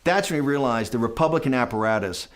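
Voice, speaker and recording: A man's voice: mid-range voice, fast talker. A man being interviewed who tells stories emphatically and rambles through them, often tagging his points with "right?" and "okay?". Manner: animated, mimics others in quoted asides. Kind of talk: conversational interview storytelling.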